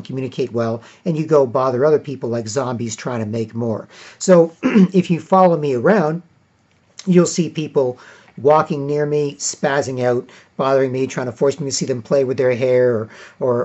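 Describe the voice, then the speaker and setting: A Canadian man rambling in a casual monologue to camera, often clearing his throat and repeating himself. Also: medium pitch, a little mellow, highs cut off. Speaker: video blogger.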